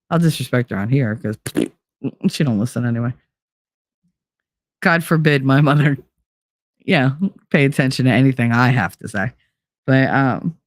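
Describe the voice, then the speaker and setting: A woman's voice: very deep voice, no echo, studio quality. Candid, cussing woman podcaster. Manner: candid, animated, swears freely. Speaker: podcast host. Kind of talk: casual monologue.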